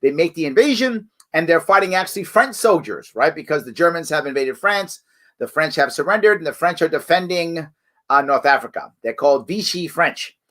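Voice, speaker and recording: Middle-aged guy hosting a live stream, bright high voice, chatty and emphatic. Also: animated, fairly quick. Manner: conversational, emphatic, frequent "right?". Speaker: show host. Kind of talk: live online commentary.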